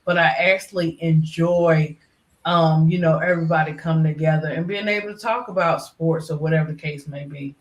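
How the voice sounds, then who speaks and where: A woman's voice: low voice, fairly even intonation, a little fast, roomy sound. A middle-aged woman who is a regular on a livestream panel, talking in a casual, rambling way full of fillers. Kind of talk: casual chat.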